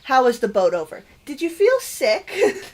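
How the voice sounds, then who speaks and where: A woman's voice: high voice, huge pitch swings, a little slow, a little mellow, voice pushed up, heavily acted. A woman voicing a fussy, doting elderly grandmother who fires off caring questions.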